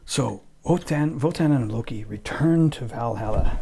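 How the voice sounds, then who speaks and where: A man's voice: mid-range voice, a little slow, gravelly, background noise. A man teaching a music class, retelling an opera cycle playfully with puppets in a loose, jokey way. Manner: jokey, loose storytelling with fillers.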